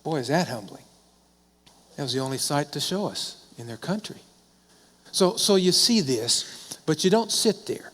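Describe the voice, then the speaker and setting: Middle-aged male pastor, slightly high voice, chatty storytelling sermon, long church reverb. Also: animated, normal speed, pauses often, fairly bright tone. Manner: conversational storytelling, asks and answers his own questions. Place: church sanctuary.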